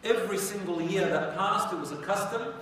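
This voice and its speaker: A man's voice: high voice, brisk, fairly bright tone. A man teaching religious history as a conversational storytelling lecture, often asking his listeners rhetorical questions. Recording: echoey hall from far off, faint noise.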